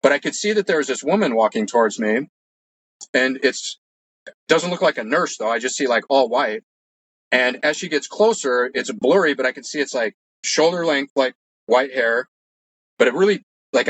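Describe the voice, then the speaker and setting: A man's voice: medium pitch, lively intonation, normal speed, fairly bright tone, poor audio. A man telling his own story as an interview guest, earnest and rambling, with lots of "like" and restarts. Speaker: guest recounting personal experiences. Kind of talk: casual storytelling.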